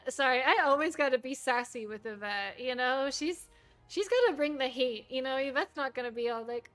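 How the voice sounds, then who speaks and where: Excitable giggly woman, high voice, live gameplay commentary, faint game music. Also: normal speed. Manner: excitable, giggly and self-mocking. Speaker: streamer.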